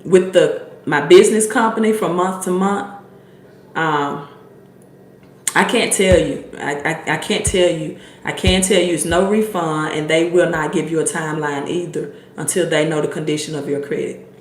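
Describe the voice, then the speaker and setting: A woman's voice: low-pitched, moderate pace, echoey room, slight background noise. A woman with a Mississippi Southern accent hosting a casual livestream, chatting and coaching her viewers, calling them y'all and repeating herself as she goes. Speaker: livestream host, credit coach.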